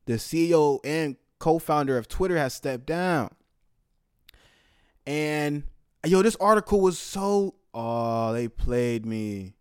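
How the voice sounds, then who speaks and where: Brief: young man, casual rant, cursing, dry close mic, voice a bit high. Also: clean tone, no room sound. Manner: profane, heated, swings from loud outbursts to low mumbling asides. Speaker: commentator. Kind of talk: casual ranting commentary.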